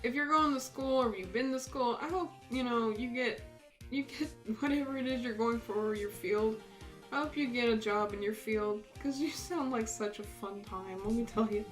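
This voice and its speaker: Giggly high-voiced young woman. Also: normal speed. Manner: giggly, animated, laughs often. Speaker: streamer. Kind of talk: casual storytelling while drawing. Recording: faint music playing behind.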